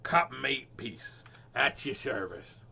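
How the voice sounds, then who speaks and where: A man's voice: mid-range voice, big pitch swings, a little slow, creaky, bright, forceful tone, a little hiss or hum, exaggerated voice. A man voicing a tiny, courteous toy pirate captain in a storybook, speaking in a formal, courtly way. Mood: gallant.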